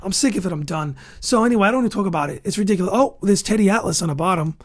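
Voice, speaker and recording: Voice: medium pitch, rapid-fire. A boxing show host giving heated, opinionated commentary, ranting and repeating insults for emphasis while skimming an article. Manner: skims and reads an article aloud between outbursts.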